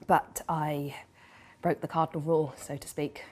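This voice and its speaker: A man's voice: a little high, little pitch movement, moderate pace, darkish tone, natural voice. A man playing a weary, self-pitying djinn who talks in wry, grand phrases. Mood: rueful. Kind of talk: comedy sketch character.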